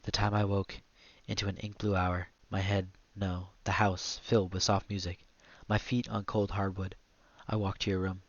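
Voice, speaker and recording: A man narrating a literary audiobook in a measured, quiet, reflective delivery. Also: deep voice, flat delivery, no room sound, highs cut off.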